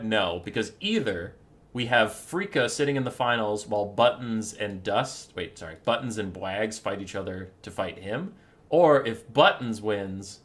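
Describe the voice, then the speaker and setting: A man hosting a game tournament, giving live commentary in an excitable way, laughing and swearing. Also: mid-range voice. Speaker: tournament host and caster.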